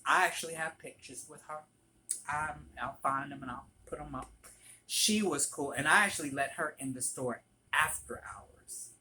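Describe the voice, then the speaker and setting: A man's voice: on the high side, bright, forceful tone, a little hiss or hum, low-quality recording. A man telling casual stories to camera in a chatty, gossipy way, with many ums. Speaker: vlogger, former barista.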